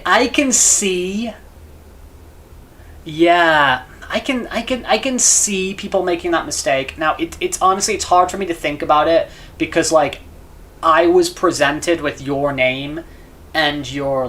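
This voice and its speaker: A man's voice: a little high, unhurried, a bit bright. A man chatting casually to viewers on a live stream, rambling and stammering with lots of repeated words. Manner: chats with viewers between game moments.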